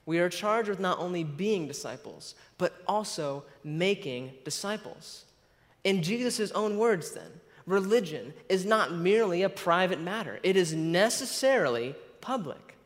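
A man preaches a sermon in a church sanctuary, his high-pitched voice expressive and a little slow. He stumbles over his words and laughs at himself, and the hall adds long reverb.

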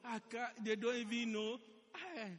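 A pastor preaching a sermon in a church, animated and repeating his phrases for emphasis. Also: very high-pitched, unhurried. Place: church hall. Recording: echoey church hall.

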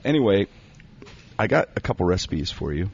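A man's voice: sits low, sing-song, moderate pace, gravelly, a little hiss or hum. A man rambling through a comic recipe bit, joking and breaking into laughter. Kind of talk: comedic banter, reading a recipe aloud. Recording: dull lo-fi recording.

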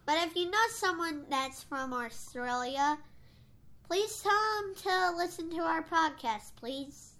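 Podcast co-host, woman, high and bright, unhurried, stumbling over words. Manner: halting, with many restarts. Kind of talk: casual podcast chat.

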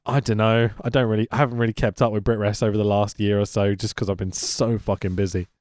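A man co-hosting a wrestling podcast in casual chat, swearing freely, laughing often and rambling quickly. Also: on the low side, little pitch movement, darkish tone, no echo, studio quality.

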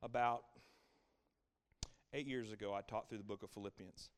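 A middle-aged man preaching a sermon as pastor, with an emphatic, repetitive cadence that drops to hushed lines and climbs to loud exclaiming peaks. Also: lowish voice, fairly even intonation, moderate pace, clear, resonant tone.

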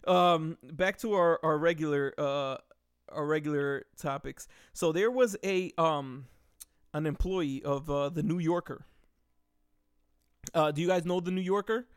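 A young man telling a story on a podcast, animated and profane, acting out the quotes loudly. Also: a little high, unhurried, smooth, dry recording, clean studio sound. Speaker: podcast host. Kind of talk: casual storytelling.

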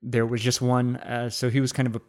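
A man's voice: medium pitch, monotone, a little fast. Casual young man thinking aloud. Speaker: podcast co-host. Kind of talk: casual chat.

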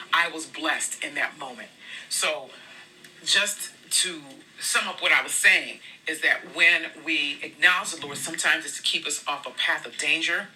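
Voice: mid-range voice, bright, forceful tone, slight background noise. A speaker giving a devotional talk to a campus fellowship, telling personal testimony stories in an earnest, conversational way. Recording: voice a bit far from the mic.

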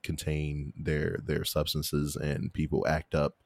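A young man hosting a podcast, telling a story in casual chat and acting out quoted people in a much higher voice. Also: completely flat delivery, slow pace, creaky, dry recording. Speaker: podcast host.

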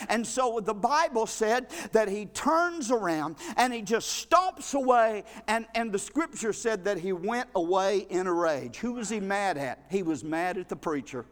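A male pastor, preaching a folksy, animated sermon in a church, with frequent restarts. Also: high voice, unhurried, hardly any pauses. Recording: long reverb of a hall.

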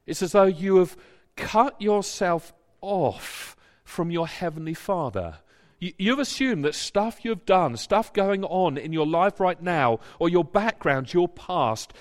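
Man preaching, high voice, swooping pitch, long hall echo. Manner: animated, repeats words when stirred, acts out quoted voices. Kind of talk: sermon with scripture reading.

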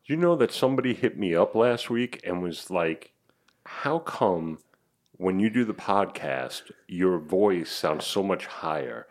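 A man's voice: low voice, animated, measured pace. A man co-hosting a podcast, chatting casually and telling stories in a laid-back way. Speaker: podcast co-host. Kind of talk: casual chat.

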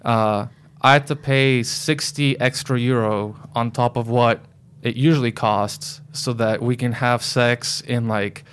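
A man's voice: medium pitch, steady tone, a little slow, a bit bright, clear, resonant tone. A man as a podcast guest, chatting casually and telling a rambling story full of fillers. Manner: loose storytelling with lots of fillers. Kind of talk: casual chat.

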